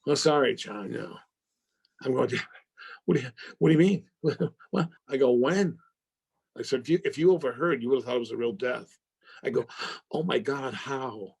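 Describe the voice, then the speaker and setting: A middle-aged man, an actor being interviewed, who tells an animated story and acts out phone calls with swearing and loud outbursts. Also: medium pitch, moderate pace, vocal fry, slightly rough.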